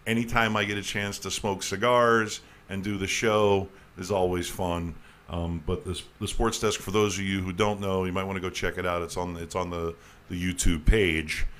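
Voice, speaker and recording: A man's voice: low voice, level tone, moderate pace, fairly bright tone. A man hosting a casual radio talk show, rambling with restarts and jokey asides, with a slight New York accent. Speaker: host.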